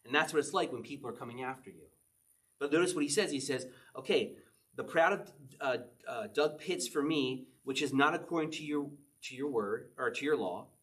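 A middle-aged man, a pastor, preaching a conversational sermon and often checking in with his listeners with a quick "okay?". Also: medium pitch, a bit bright. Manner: conversational, chatty preaching with frequent "okay?" asides.

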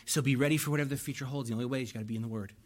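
A man's voice: medium pitch, fairly even intonation, very fast. A man preaching a sermon as pastor, earnest and pleading, repeating lines for emphasis and getting emotional.

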